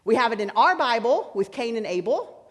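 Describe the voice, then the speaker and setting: A woman's voice: a little high, very animated, a little fast. Chatty woman preacher in a church. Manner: chatty, explaining, repeats key points. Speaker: pastor. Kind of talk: sermon with teaching tone. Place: large church sanctuary. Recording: church hall reverb.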